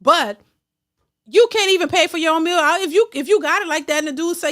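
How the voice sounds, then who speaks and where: A woman hosting a livestream, chatting casually and reading out super chats, with speech, blunt and animated, laughing often. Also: very high voice, fairly quick.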